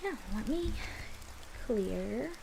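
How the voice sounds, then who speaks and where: A woman's voice: a little high, sing-song, extremely slow, vocal fry, background noise. Young woman doing a tarot reading, chatty, explains as she goes, faint rain behind. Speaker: tarot reader.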